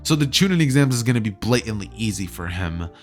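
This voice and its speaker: A man's voice: on the low side, sing-song, fast, soft background music. A young man casually retelling a fan story as a YouTuber. He rambles and fills his talk with "like" and "you know".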